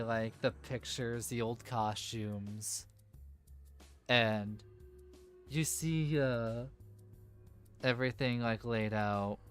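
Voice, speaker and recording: A man's voice: medium pitch, clear, resonant tone. A man narrating as game master of a tabletop game, rambling with many fillers.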